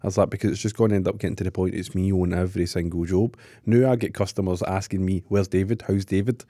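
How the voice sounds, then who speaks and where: A man's voice: low-pitched, fast, no room sound, clean studio sound. A Scottish man hosting a casual podcast, telling stories with lots of laughter. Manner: animated storyteller, laughs often. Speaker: podcast host.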